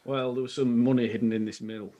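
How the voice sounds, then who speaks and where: A man's voice: mid-range voice, steady tone, quick pace, warm tone. Laid-back man reminiscing. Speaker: podcast co-host. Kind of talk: casual reminiscing chat.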